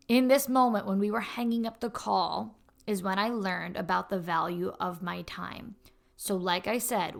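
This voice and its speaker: A woman's voice: medium pitch, creaky. A young woman hosting a podcast, telling a personal story in a casual, earnest and candid way. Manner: earnest and candid, stumbles and restarts when excited. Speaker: podcast host.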